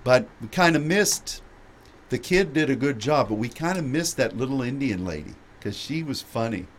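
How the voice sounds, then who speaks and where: Animated man telling a travel story. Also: mid-range voice, normal speed, slight background noise. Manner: animated anecdote with frequent laughter. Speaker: radio show host. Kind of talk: storytelling chat.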